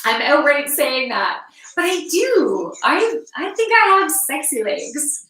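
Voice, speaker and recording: A woman talks slowly and frankly to her live-stream viewers, laughing often and swearing casually. Her voice is bright and a little high. It sounds distant from the mic, with a roomy echo around it. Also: big pitch swings. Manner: giggly, laughs often between phrases.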